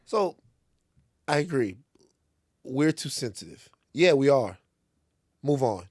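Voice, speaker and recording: A man's voice: medium pitch, slow, no echo, studio quality. A man from Louisiana co-hosting a podcast, telling a story with lots of swearing and acted-out voices. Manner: animated storytelling, swearing, acting out other voices. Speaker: podcast co-host. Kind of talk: casual studio chat. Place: podcast studio.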